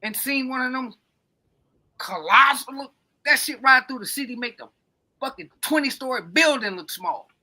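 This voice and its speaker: A man's voice: very high voice, lively intonation, moderate pace, bright, forceful tone. A man co-hosting a podcast, rambling in casual, profane, emphatic chat. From coastal United States. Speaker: podcast co-host.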